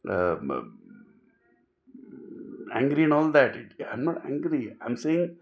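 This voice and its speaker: A man's voice: mid-range voice, big pitch swings, slow. A middle-aged man, giving an impassioned philosophical talk full of repetition and rhetorical questions, dropping to near whispers at times. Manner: emphatic, repeats phrases, rhetorical questions, swings between loud and hushed. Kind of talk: impassioned monologue.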